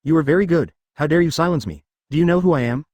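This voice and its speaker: A man's voice: on the high side, animated, quick pace, darkish tone, no room sound, pitched above the performer's own voice. A man reading the lines of a furious, arrogant legendary male ninja ghost who hurls insults and threats, in a synthetic storybook voice. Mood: raging.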